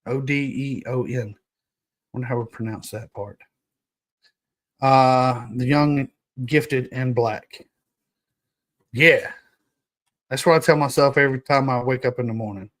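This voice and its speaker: A man's voice: medium pitch, fairly even intonation, unhurried, pauses often, fairly bright tone. A young man hosting a casual solo podcast, reading notes aloud and joking with his live chat, laughing often. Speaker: podcast host.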